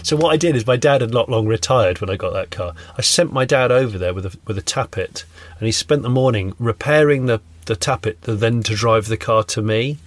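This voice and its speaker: A man's voice: medium pitch, fairly quick, few pauses, no room sound. A man co-hosting a podcast, telling rambling anecdotes in casual chat. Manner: rambling anecdotal storytelling with laughs. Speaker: podcast co-host.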